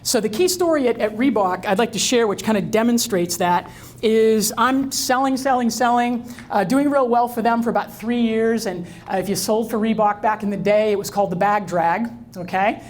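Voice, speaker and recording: Middle-aged woman telling a lively story. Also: fairly high pitch, moderate pace. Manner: lively storyteller who acts out dialogue and quizzes the audience. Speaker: speaker. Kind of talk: live talk to an audience.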